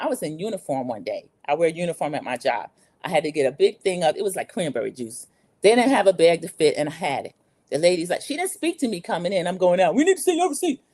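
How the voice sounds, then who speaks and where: A middle-aged American woman whose voice sits low, with a darkish tone, runs a casual livestream. She reads comments from viewers and talks bluntly about her opinions, telling stories with opinionated candor.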